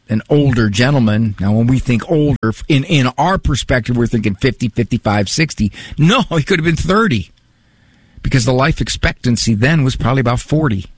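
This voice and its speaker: Gravelly-voiced talk radio host, a man. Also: lowish voice, dry recording. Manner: rambling, repeats words, chuckles at own story. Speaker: radio call-in show host. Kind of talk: conversational call-in talk. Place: radio studio. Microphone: studio mic.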